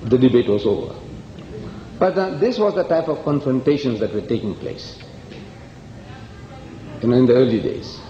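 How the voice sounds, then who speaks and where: A man's voice: mid-range voice, animated, normal speed, pauses often, warm tone, a little hiss or hum. Emphatic male lecturer in an echoey hall. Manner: emphatic storyteller, acts out dialogue. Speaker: lecturer on comparative religion. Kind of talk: public lecture, storytelling. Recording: echoey hall, dull old recording.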